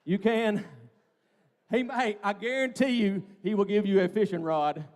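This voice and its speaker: A man runs an auction in a fast, rolling chant, rattling off numbers and ribbing the crowd. His voice sits very high for a man, and it rings out with a long reverb through a big event hall. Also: a little mellow. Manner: teasing, rapid-fire number calling.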